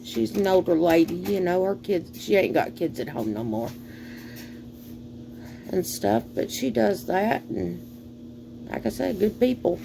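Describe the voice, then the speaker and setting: A woman's voice: lowish voice, expressive, creaky, noisy background. A middle-aged woman from the American South with a Southern accent, chatting casually and folksily while cooking. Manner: slow, folksy, rambling with fillers and sighs. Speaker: cooking vlogger.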